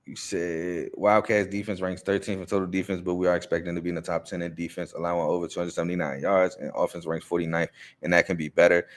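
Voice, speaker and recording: A man hosting a sports show, talking through game previews and picks in a loose, conversational way with fillers and quick self-corrections. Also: deep voice, little pitch movement. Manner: confident, emphatic picks. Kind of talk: casual game-preview commentary.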